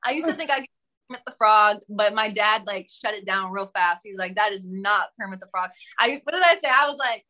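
A woman's voice: mid-range voice, expressive, brisk, bright, forceful tone. A young woman musician, a guest in a casual interview, talking chattily with lots of fillers and giggles.

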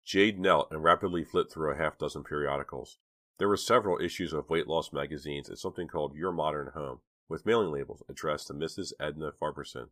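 A man narrating a young-adult thriller audiobook in measured, even storytelling. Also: very deep voice, no room sound, clean studio sound. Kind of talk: scripted narration.

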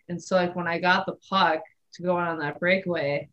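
A woman's voice: lowish voice, steady tone, brisk, hardly any pauses, fairly bright tone, lo-fi sound. A woman guest, a former hockey player, telling a story in an easygoing, rambling way. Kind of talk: casual interview storytelling.

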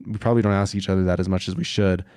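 A man's voice: low voice, fairly even intonation, rapid-fire, a little mellow, clean tone, no echo, clean studio sound. Earnest young man giving relationship advice. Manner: earnest, encouraging, many "like" and "you know" fillers. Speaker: podcast co-host. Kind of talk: casual advice chat.

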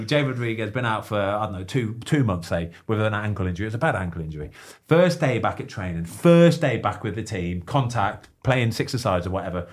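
Animated man telling laughing anecdotes. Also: lowish voice. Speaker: podcast co-host. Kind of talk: casual podcast chat.

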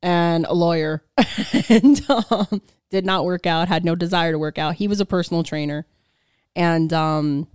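A woman's voice: on the low side, a little slow, a little mellow, clear, resonant tone, no echo, clean studio sound. Profane laughing woman podcast storyteller. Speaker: podcast co-host. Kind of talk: casual chat, storytelling.

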